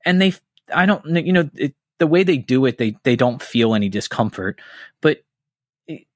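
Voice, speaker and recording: A man's voice: mid-range voice, expressive, moderate pace, dry recording, studio quality. A man hosting a podcast in casual chat, telling personal stories candidly, swearing freely and getting heated. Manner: candid, profane, heated storytelling. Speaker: podcast host.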